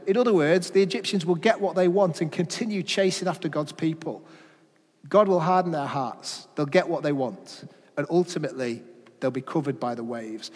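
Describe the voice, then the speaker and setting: A middle-aged preacher with a notably high voice works through a sermon with rhetorical questions and everyday stories. He drops his volume at the key lines. His voice rings with the long reverb of a church hall. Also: brisk, darkish tone.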